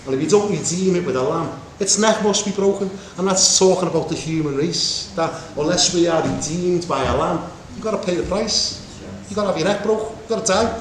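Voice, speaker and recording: A man preaching a Bible teaching, animated and acting out the voices in the story. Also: sits high, brisk, hardly any pauses, a little hiss or hum. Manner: animated, acts out voices of God and Moses. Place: meeting room with congregation. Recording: echoey room with faint ambience.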